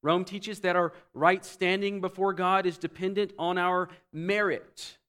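Male pastor, slightly high voice, teaching sermon with wide dynamic swings. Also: flat delivery, unhurried. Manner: explanatory, with wide swings between loud emphasis and quiet low asides.

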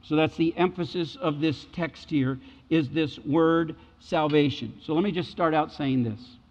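A man's voice: fairly high pitch, unhurried, in a large hall, highs cut off. A middle-aged man preaching a sermon, emphatic and repeating key phrases for weight. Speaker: pastor.

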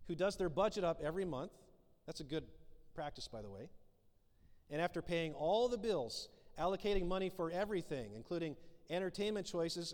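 A man preaching a sermon as pastor, acting out the dialogue in his illustrations. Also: on the high side. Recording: long hall reverb.

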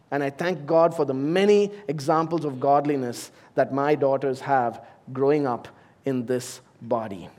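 A middle-aged man, a senior pastor, preaching a sermon that swings from soft, low passages to loud, emphatic exhortation.

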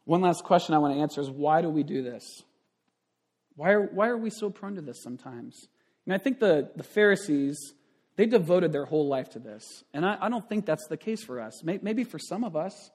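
A man's voice: on the high side, lively intonation, normal speed, a little mellow. A man in his thirties, a pastor giving a conversational sermon with frequent asides and restarts.

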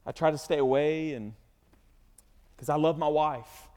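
A fairly high-pitched man preaching with earnest emotion, his voice climbing into pleading cries. Long reverb trails behind him, like a large sanctuary. He sounds like a pastor sharing his heart with a congregation. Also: a little slow, mellow. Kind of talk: sermon.

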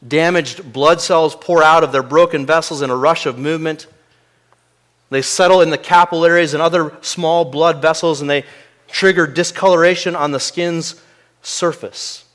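A man preaching a sermon in an earnest way, moving between quiet asides and loud, emphatic peaks. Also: fairly high pitch, fairly even intonation, normal speed.

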